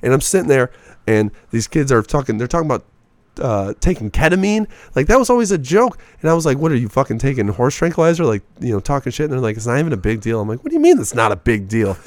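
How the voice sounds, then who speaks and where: Young man, twenties, comedian guest on a podcast; rambling, profane storyteller, mid-pitched voice, dry close mic. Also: sing-song, fast talker, dry recording.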